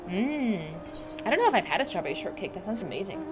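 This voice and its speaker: A woman's voice: a little high, big pitch swings, brisk, music in the background. A young woman streamer chatting casually and rambling as she plays, full of likes and restarts. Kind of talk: casual chat while livestreaming a game.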